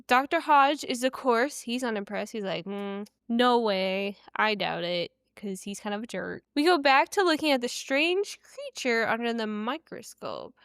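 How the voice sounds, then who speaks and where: Young woman podcast host, slightly high and smooth voice, casual slangy recap with strong opinions. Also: expressive, normal speed, few pauses, a bit bright, no echo, studio quality. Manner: chatty, opinionated, slangy retelling.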